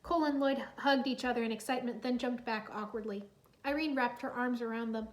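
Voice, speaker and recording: High-voiced woman reading a storybook. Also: fairly quick. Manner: lively, expressive reading. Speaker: narrator. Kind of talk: storybook read-aloud.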